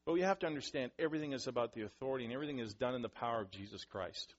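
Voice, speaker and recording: A man preaching a sermon, animated, acting out scenes with sudden loud outbursts. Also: medium pitch, very fast, lo-fi sound. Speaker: pastor.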